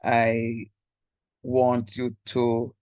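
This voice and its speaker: Jamaican male lecturer on a video call, chatty and direct, mid pitch, dry sound. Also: completely flat delivery, drawn-out words, darkish tone, no room sound. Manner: direct, chatty, code-switches into local speech. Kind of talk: online math lecture.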